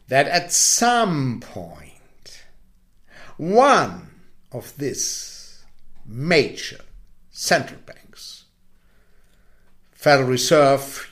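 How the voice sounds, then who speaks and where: A man reading a story dramatically, then speaking his own views, often dropping into a hushed whisper. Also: medium pitch. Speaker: storyteller and commentator.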